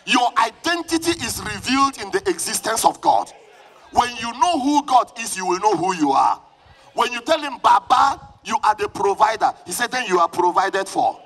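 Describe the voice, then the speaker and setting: A man with a Nigerian accent preaching a live sermon at a church service, fervent and often shouting, calling on the congregation to answer him. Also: high voice, animated, moderate pace. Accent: Nigerian English.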